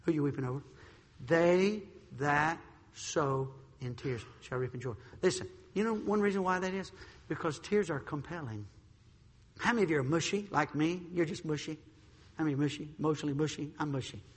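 A man preaching a sermon as pastor, swinging from hushed, tender passages to shouted, urgent appeals. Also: fairly high pitch, quick pace, husky. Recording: reverberant hall.

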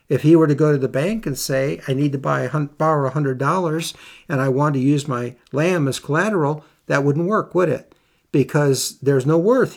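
A man's voice: on the high side, creaky. A man preaching a Bible lesson, reading scripture aloud and putting earnest questions to his listeners.

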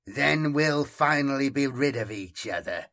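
A man's voice: medium pitch, animated, measured pace, a bit bright, voice pushed up. A man voicing Zal, a fierce male warrior eager for battle, with clipped, hungry lines in an audiobook reading.

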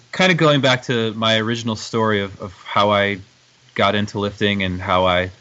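Low-voiced man, reflective interview guest. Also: a bit bright, highs cut off. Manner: reflective, hesitant, with many restarts. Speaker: guest, strength coach and nutrition formulator. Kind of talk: conversational interview.

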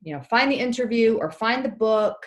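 A woman's voice: a little high, animated, a little fast. A woman, a pastor's wife, telling a personal story as a podcast guest in an earnest, heartfelt way. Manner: earnest, heartfelt, many restarts.

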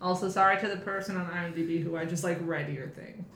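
A woman's voice: on the low side, steady tone, fast, fairly bright tone, a little hiss or hum. A woman co-hosting a podcast, chatting casually and reading out trivia with a wry tone. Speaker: podcast co-host. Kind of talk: casual chat. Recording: roomy echo.

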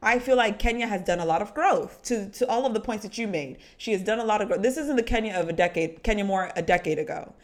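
A woman co-hosting a casual podcast, talking through a reality-TV episode. She is animated and chatty, and she keeps calling her listener honey. She weighs both sides as she talks. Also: medium pitch, quick pace, few pauses. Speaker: podcast co-host. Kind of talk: casual reality-TV recap chat.

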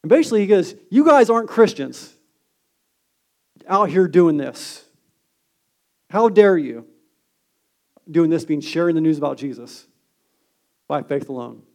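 A male pastor delivering a sermon in a high, light voice. He talks earnestly, stressing his key points with force and then sinking to a soft, hushed delivery. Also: animated, measured pace, long pauses. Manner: earnest preaching, swings from emphatic to hushed.

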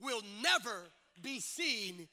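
A male preacher delivering a sermon to a congregation in church, using rhythmic repetition that builds to shouted climaxes. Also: very high voice, slow, slight background noise. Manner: energetic, animated. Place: church service before a congregation.

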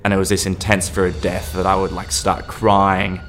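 A man with a very deep voice recounts a personal experience. He talks haltingly, breaking off and restarting his sentences. Soft music runs quietly behind him. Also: flat delivery. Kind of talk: personal anecdote.

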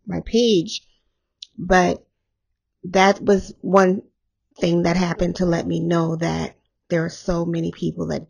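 Hoarse woman podcast host, slow and raspy, candid and rambling. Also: on the low side. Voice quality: gravelly. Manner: candid, rambling, laughs often. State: hoarse after illness. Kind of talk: candid solo podcast talk.

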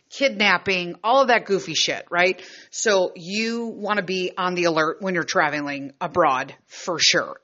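A middle-aged woman tells her story in a frank, heated and profane way. Her voice is bright and edged, and the recording is a little muffled and lo-fi. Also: lowish voice. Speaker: vlogger and mother. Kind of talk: casual storytelling.

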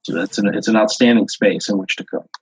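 A man's voice: lowish voice, steady tone, fast, darkish tone, breathy edge, dry recording. A man hosting a podcast, telling an improvised second-person story in a rambling way full of "like" and "uh" fillers. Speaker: podcast host. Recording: dull lo-fi audio.

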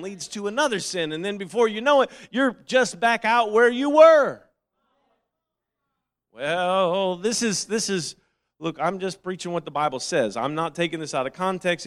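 A man with a high voice delivers a sermon. He reasons quietly through scripture, repeats his phrases for weight, then rises into loud, fervent calls to the congregation. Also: normal speed. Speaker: preacher.

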